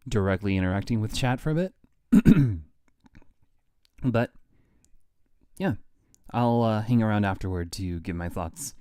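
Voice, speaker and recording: A man chatting casually on a reaction stream while reading through a manga chapter. He laughs often and restarts his sentences, in a low voice with dry, close sound. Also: a little mellow, smooth, dry recording.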